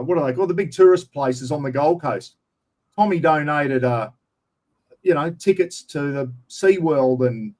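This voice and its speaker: An Australian man chatting casually as an interview guest, telling long rambling stories and saying "mate" all the time. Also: a little high. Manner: rambling storyteller, says "mate" constantly.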